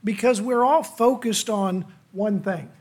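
A man's voice: sits high, measured pace, a little mellow, breathy edge. A middle-aged man, a lay preacher delivering a sermon to a church in a folksy, self-deprecating, conversational manner.

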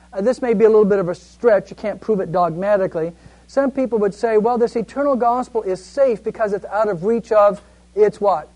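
A man's voice: sits high, darkish tone, low-quality recording. A man teaching a Bible study class, reading scripture aloud and explaining it conversationally, asking the group questions and answering them himself.

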